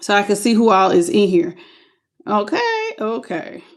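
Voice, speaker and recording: A woman's voice: mid-range voice, fairly even intonation, moderate pace. A woman, chatting casually while doing a live-stream tarot reading and greeting viewers by name. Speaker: tarot reader.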